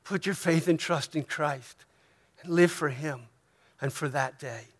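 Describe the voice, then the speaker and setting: American male pastor, high voice, conversational sermon with soft asides and emphatic swells. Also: measured pace. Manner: conversational preaching, frequent "right?" checks.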